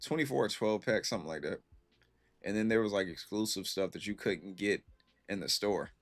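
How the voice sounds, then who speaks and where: A man's voice: lowish voice, a little fast. Laid-back man chatting with stream viewers. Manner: laid-back slangy storytelling, reacting to chat. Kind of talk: casual chat with stream viewers.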